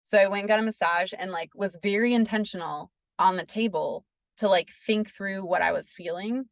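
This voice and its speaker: Here a woman being interviewed for a podcast tells something personal from her life, earnest and relaxed, with "like" coming up all the time. She has a mid-range voice at normal speed, and there's no echo.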